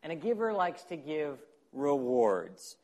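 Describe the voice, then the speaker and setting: A man preaching a sermon as pastor, animated, acting out quotes and dropping to quiet asides. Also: fairly high pitch, measured pace.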